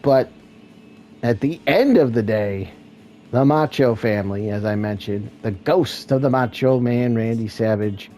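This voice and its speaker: A man hosting and calling a wrestling video game match as a solo play-by-play commentator, with excitable calls and joking asides. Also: medium pitch, measured pace, a little hiss or hum, rough recording. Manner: excitable play-by-play, rising to shouts at near-falls; self-deprecating asides.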